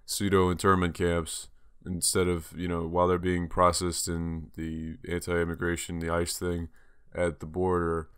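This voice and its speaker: A man's voice: low-pitched, monotone, normal speed, a bit bright, clear, resonant tone, no echo, studio quality. A young American man co-hosting a podcast, chatting in a blunt, sarcastic, crude way. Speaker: podcast co-host. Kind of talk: casual chat.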